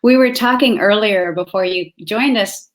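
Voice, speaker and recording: A woman's voice: mid-range voice, moderate pace. A woman hosting a casual interview, asking thoughtful questions. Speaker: host. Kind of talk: interview host chat.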